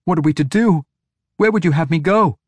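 A woman's voice: low voice, a little fast, darkish tone, slightly rough, no room sound, clean studio sound, pitched above the performer's own voice. A man voicing a frantic young female drow priestess who speaks in panicked urgency.

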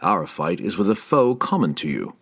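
A man voicing a composed elf warrior who speaks calmly and courteously. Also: deep voice, moderate pace, husky, heavily acted. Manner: calm, courteous, old-fashioned phrasing. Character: calm, composed elf warrior, polite and measured.

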